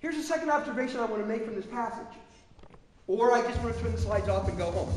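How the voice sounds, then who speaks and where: High-voiced pastor in an echoey hall. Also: male voice, fast. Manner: self-mocking, animated storyteller. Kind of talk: humorous sermon. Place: large church hall. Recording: echoey church hall, long reverb.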